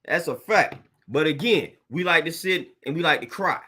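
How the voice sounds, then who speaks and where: A man's voice: a little high, expressive, moderate pace, bright, forceful tone, husky. A young adult man, a fitness trainer, ranting bluntly and preachily to camera, repeating himself and using slang. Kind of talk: blunt motivational rant to camera.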